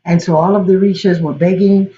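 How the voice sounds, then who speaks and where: Animated woman teaching through a story. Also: on the low side, quick pace. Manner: animated, acts out the quotes. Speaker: spiritual teacher and godmother. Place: Florida. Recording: dull lo-fi call audio.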